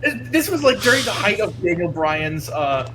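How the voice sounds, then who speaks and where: Male guest, high and very lively voice, background hiss clearly audible. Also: moderate pace. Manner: excitable interjections. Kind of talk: casual chat.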